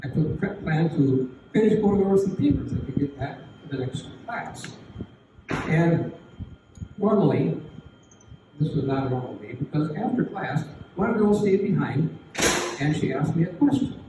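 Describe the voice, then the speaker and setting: An older man, a retired teacher, spins a folksy reunion anecdote in a high, lively voice that climbs and dips. He sounds far from the camera in an echoey hall with steady murmur behind. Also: moderate pace, pauses often, background noise. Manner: folksy, animated storytelling with chuckles.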